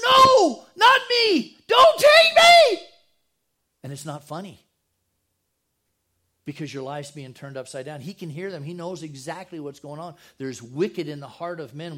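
An older pastor delivers a sermon conversationally, frequently putting rhetorical questions to his listeners. His voice sits in the mid range and is slightly mellow.

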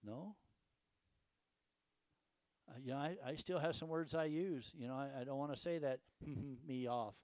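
A man's voice: mid-range voice, a little slow, pauses often, a little mellow, no room sound. Older man, folksy conversational pastor, dry close sound. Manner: folksy and conversational, with rhetorical questions. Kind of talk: casual sermon.

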